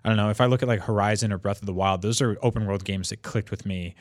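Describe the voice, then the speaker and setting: A man's voice: fairly low pitch, steady tone, fast, no room sound. A man chatting wryly on a gaming podcast, given to jokes. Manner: wry, jokey. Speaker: podcast panelist. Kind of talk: casual podcast chat.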